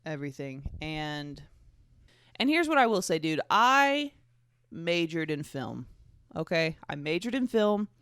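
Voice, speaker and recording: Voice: medium pitch, big pitch swings, measured pace, a bit bright, clear, resonant tone, dry recording. A twenty-five-year-old podcast host with a hint of a Southern US accent, chatting alone in a rambling, jokey, profane way. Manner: rambling, jokey and profane, with self-mocking asides. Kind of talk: casual solo podcast chat.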